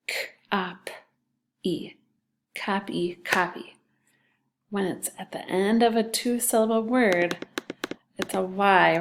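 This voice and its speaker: A woman's voice: medium pitch, a little hiss or hum. A woman teacher giving a phonics lesson to second graders, patient and sounding out letters and syllables.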